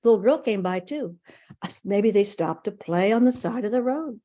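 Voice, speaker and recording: A woman's voice: medium pitch, expressive, normal speed, dark tone, close to an everyday voice. A woman doing a bewildered country shopkeeper. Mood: puzzled. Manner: bewildered, rambling. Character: puzzled old country shopkeeper, man.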